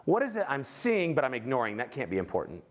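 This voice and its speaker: A man's voice: mid-range voice, huge pitch swings, fast. A man giving a motivational keynote on stage, telling a self-mocking story and questioning the audience. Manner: self-mocking, acts out his own anger. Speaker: keynote speaker.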